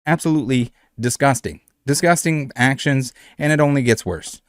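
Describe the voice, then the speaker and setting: A male host narrates a reaction commentary with blunt indignation and frequent swearing. His voice sits in a middle pitch. The recording is dry, with no room sound. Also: moderate pace, no room sound. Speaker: channel host.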